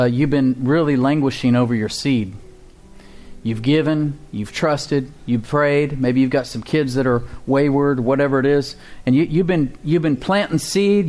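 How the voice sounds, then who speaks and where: A man's voice: mid-range voice, a little mellow. A male pastor preaching a sermon and leading a prayer, with a preaching cadence and call-and-response with the congregation.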